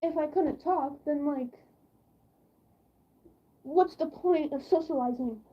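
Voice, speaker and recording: A woman's voice: sits high, slow, dull audio. A teenage girl telling a rambling story from school in a casual live-stream chat, full of fillers. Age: teens.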